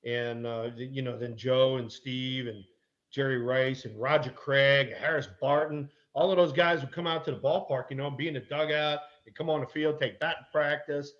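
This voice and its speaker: A middle-aged man, a former ballplayer and guest, telling an animated anecdote with mild swearing. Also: medium pitch, normal speed, muffled recording. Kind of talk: casual chat, storytelling.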